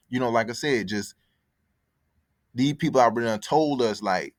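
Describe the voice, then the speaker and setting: A man's voice: medium pitch, normal speed, long pauses, no echo, clean studio sound. A man telling a story in casual, profane, rambling talk as a podcast host, often repeating himself. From born in Connecticut, raised in Atlanta.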